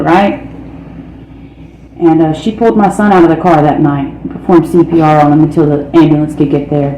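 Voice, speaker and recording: A woman's voice: medium pitch, mellow. Blunt woman in an echoey room. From North Carolina, United States. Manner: candid and blunt, with frequent "man" and "you know". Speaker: recovery speaker. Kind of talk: personal recovery testimony. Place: meeting hall. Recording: echoey room with faint ambient noise.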